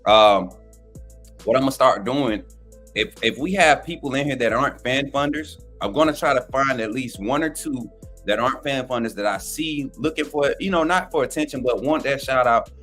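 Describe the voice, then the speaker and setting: A man rattles off shout-outs to his live chat, excited and slangy. His voice leaps up and down in pitch as he gets louder. Soft music plays faintly behind him. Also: normal speed. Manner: hyped, slangy, calls out chat names. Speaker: co-host. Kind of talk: casual livestream shout-outs.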